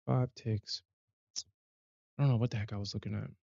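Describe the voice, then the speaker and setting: A man's voice: fairly low pitch, fairly even intonation, brisk, gravelly, dark tone, no echo, highs cut off. A man hosting a trading livestream, chatting casually in a rambling way with many restarts and self-corrections. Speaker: livestream trader host.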